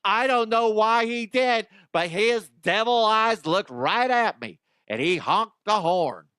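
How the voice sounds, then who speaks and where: A man's voice: sits high, lively intonation, slow pace, bright, forceful tone, clear, resonant tone, no room sound, studio quality, pitched above the performer's own voice, exaggerated voice. A man putting on a self-pitying woman driver who gasps and complains melodramatically. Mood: aggrieved. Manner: gasping, melodramatic, whiny.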